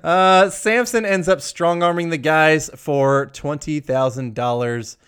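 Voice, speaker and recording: A man with a somewhat high voice hosts a podcast in loose, casual chat. He walks through movie scenes and jumps into quoted lines. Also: fairly bright tone, clean tone. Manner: chatty, recaps scenes with quick quotes. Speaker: podcast host.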